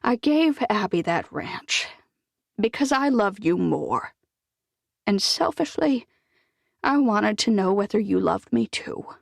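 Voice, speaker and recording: A stubborn older lady with a bossy, blunt tongue, as a woman narrator puts her on. Her voice swings widely in pitch and carries a gravelly edge, set close and dry in a storybook reading. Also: animated, takes it slowly, dry recording, exaggerated voice.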